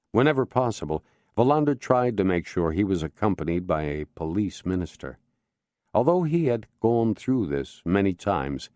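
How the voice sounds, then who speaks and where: A man giving measured, expressive scripted narration of a crime novel audiobook. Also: low voice, no echo, clean studio sound.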